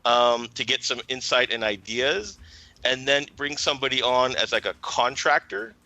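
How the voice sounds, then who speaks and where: A man's voice: mid-range voice, moderate pace, sharp tone, low-quality recording. A man, a marketing teacher, speaking as a guest on a podcast and explaining his ideas in a casual, thoughtful way, often checking in with "right?".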